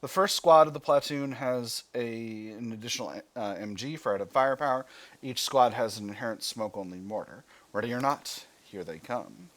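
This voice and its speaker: A man with an American accent, hosting a gaming video, who reads in-game narration aloud in a measured way and breaks off into offhand commentary. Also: mid-range voice, a bit bright. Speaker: gaming channel host. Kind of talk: reading game text aloud with let's-play commentary.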